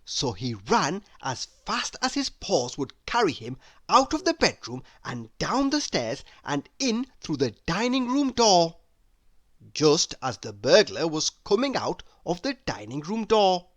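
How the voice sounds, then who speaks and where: A woman reading a children's storybook aloud in an expressive manner, now and then asking the listener questions. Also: on the low side, no room sound, studio quality. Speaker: storybook reader.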